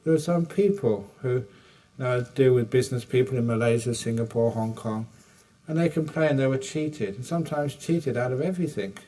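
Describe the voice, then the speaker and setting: A man's voice: medium pitch, fairly quick, dark tone. An older man gives a dharma talk in a retreat hall. He takes questions with humor and acts out little dialogues. The mic sits some distance from him, so his voice sounds a bit far off. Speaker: meditation teacher.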